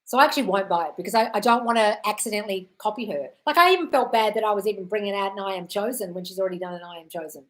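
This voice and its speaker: Rapid-fire and barely pausing, the medium-pitched Australian host reads viewer comments aloud on her live stream. Her chatty answers are full of casual swearing, and she calls viewers darling.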